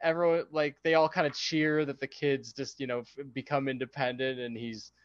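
A man's voice: normal speed, clear, resonant tone, no room sound. Chatty man with a dull lo-fi sound. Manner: animated, acts out quotes in high silly voices, laughs often. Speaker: podcast co-host. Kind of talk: casual movie chat.

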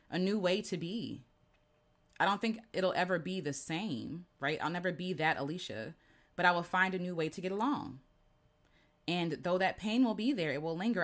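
Earnest woman speaking gently, slightly low voice. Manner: gentle, earnest, repeats "right?". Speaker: host. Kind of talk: heartfelt personal talk.

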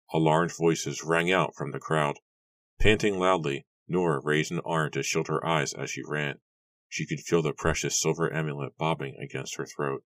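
A man reading a horror novel aloud in steady, even scripted narration. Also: rumbling low, normal speed, no room sound, distant mic. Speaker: audiobook narrator.

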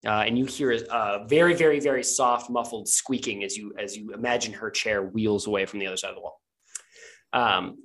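A man running a tabletop game as game master, narrating in a relaxed, joking way with many fillers. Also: fairly low pitch, a little fast.

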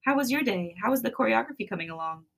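Brief: gentle young pregnant wife, sweet and giggly; a woman reads her in her own voice. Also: a little high, animated, quick pace, vocal fry. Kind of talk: fanfic reading.

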